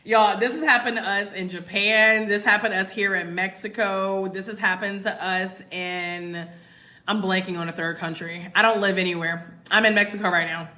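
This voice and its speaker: Woman, American, young adult, casual livestream chat, emphatic, bright voice. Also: medium pitch, fairly even intonation, normal speed. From United States. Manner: chatty, emphatic, addresses viewers as y'all. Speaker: expat content creator. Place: home in Mexico. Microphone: phone.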